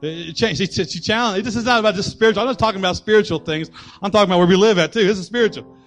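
A man's voice: high voice, racing, faint music behind. A man preaching a sermon as pastor, with rising and falling emphasis and acted-out voices.

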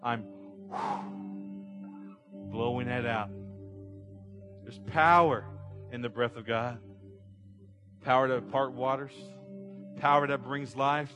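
A man's voice: mid-range voice, steady tone, slow, long pauses, a bit bright, soft background music. A man preaching a sermon to a congregation, building energy with rhetorical questions. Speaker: pastor. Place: church sanctuary.

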